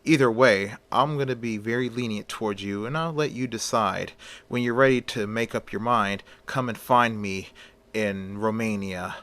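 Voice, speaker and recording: A man voicing a haughty, menacing vampire countess in an amateur story reading with voices, speaking coolly and dropping to quiet threats. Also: lowish voice, normal speed, lightly acted. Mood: cool menace.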